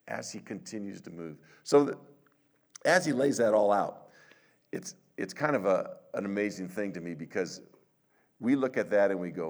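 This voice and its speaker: An older male pastor preaching in a relaxed, conversational way, his low voice gravelly with fry. He swings his pitch widely, telling stories with self-deprecating humor and acting out what people say. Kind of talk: conversational sermon.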